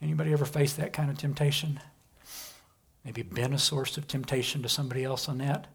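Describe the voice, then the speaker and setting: A man's voice: medium pitch, fairly even intonation, a little fast, creaky, slightly rough. A man preaching a sermon in an emphatic style, often asking his listeners questions.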